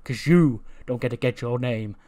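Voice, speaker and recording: A man's voice: medium pitch, moderate pace, mellow, close to an everyday voice. A man voicing a cocky, brash male wrestling star who boasts and picks a fight. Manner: boastful, confrontational.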